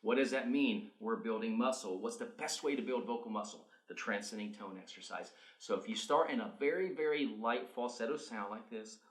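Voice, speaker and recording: A man working as a vocal coach, talking singers through warm-up exercises in an energetic, coaching manner. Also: fairly low pitch, brisk, hardly any pauses. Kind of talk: instructional video demonstration. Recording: roomy echo.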